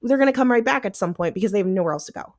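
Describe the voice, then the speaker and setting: A woman with a mid-range voice talks casually as a podcast guest. She is a paranormal investigator, animated and loose, swearing freely and slipping into voices when she quotes people. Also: mid-range voice, rapid-fire.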